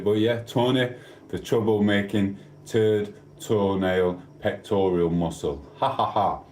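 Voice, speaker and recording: A man's voice: lowish voice, steady tone, measured pace, darkish tone, reverberant, a little hiss or hum. A man with a South Yorkshire accent hosting a casual live stream, playfully teasing viewers and reading their chat comments aloud. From Sheffield, England. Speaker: livestream host.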